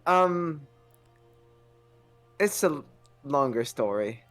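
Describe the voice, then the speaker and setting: A man playing a tabletop game, describing his character's actions in a wry, unhurried way. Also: on the high side, expressive, faint music behind. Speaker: player.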